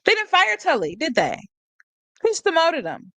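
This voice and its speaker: A woman's voice: very high voice, wildly swooping pitch, normal speed, sharp tone, no echo. A woman hosting a live stream, talking about a court case in a casual, sarcastic way, laughing often and reading out chat comments. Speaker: livestream host.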